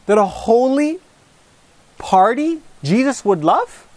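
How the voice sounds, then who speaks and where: High-pitched guy preaching, acting out bible stories, very dry sound, swings loud to hushed. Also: moderate pace, no room sound. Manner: animated, acts out gospel scenes with shifting pitch and hushed lines. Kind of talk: storytelling sermon.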